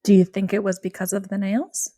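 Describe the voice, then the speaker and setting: A woman's voice: medium pitch, little pitch movement, brisk, warm tone. Teasing woman co-host asking questions. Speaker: podcast co-host. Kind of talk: casual chat.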